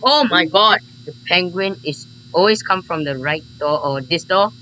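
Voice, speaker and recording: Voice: mid-range voice, normal speed, a little hiss or hum, poor audio. A gamer giving live commentary on a horror game, panicking, repeating short phrases and swearing under stress. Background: loud game music.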